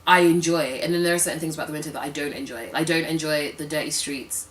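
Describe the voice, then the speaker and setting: Low-voiced British woman, roomy and distant. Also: steady tone, fast, a little hiss or hum. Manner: chatty, frank, with many fillers and quoted asides. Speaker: vlogger. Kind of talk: casual talk to camera.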